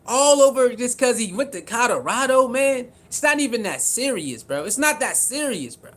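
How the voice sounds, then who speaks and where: A man with a high-pitched voice and streams casual sports commentary. He is animated and repeats himself for emphasis, calling out viewers by name as he reads their comments. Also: normal speed. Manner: animated, repetitive, talks straight to viewers.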